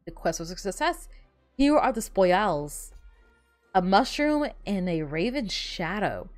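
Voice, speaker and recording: A woman's voice: fairly high pitch, sing-song, moderate pace, no room sound. Rambling woman streamer over faint music. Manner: rambling, filler-heavy storytelling. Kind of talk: casual gameplay chat.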